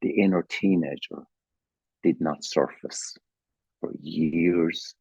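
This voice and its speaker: A man's voice: deep voice, steady tone, slow, vocal fry, darkish tone, husky, dry recording, lo-fi sound. An older man with an Irish accent gives a candid, emotional personal testimony at a recovery meeting, swearing freely, over a video call. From Ireland.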